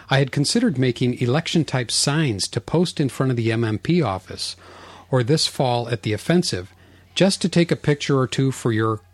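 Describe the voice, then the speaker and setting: A man's voice: mid-range voice, no echo. A man hosting a podcast, bantering and joking at his own expense in casual chat. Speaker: podcast host.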